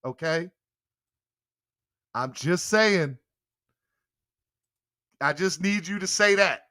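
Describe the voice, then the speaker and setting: Young male podcast host, playful and coaxing, crisp bright tone, slightly high voice. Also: animated, slow pace, long pauses. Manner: playful, coaxing, laughing often. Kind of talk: casual live-stream chat.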